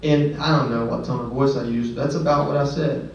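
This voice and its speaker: A man's voice: medium pitch, steady tone, a little fast, creaky. A man who is a guest speaker at a ceremony, telling a personal story in an earnest, conversational way with self-deprecating asides. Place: ceremony venue. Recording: echoey hall, distant mic, dull sound, faint background noise.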